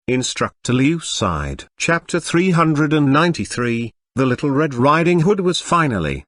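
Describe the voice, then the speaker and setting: Brief: synthetic male storyteller, steady web novel read, dry studio sound. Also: fairly high pitch, moderate pace, hardly any pauses, dry recording. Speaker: narrator. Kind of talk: scripted audiobook narration.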